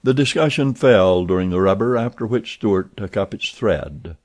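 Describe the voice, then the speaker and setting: A man reading a classic novel aloud as an audiobook narrator, steady and even. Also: on the low side, moderate pace, few pauses. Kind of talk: scripted narration.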